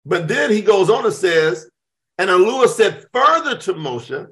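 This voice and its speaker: A man's voice: sits high, unhurried. A middle-aged man in a casual discussion, explaining Hebrew names and acting out both sides of conversations as he tells stories. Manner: animated storytelling, acts out both sides of conversations.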